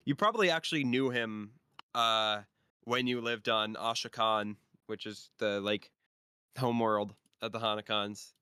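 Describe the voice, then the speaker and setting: A man narrates as game master for a tabletop game, stopping often for fillers. He talks slowly, with a bright, crisp voice. The sound is dry and close. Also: lowish voice, dry recording. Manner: slow, hesitant, filler-heavy.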